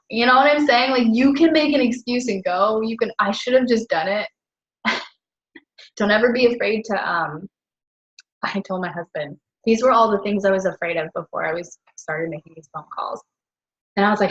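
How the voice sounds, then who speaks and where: This network marketer is a woman talking casually about her business in a mid-range, slightly rough voice at a moderate pace. She's chatty, leans on lots of fillers, corrects herself, and often breaks into laughter, all on a lo-fi recording.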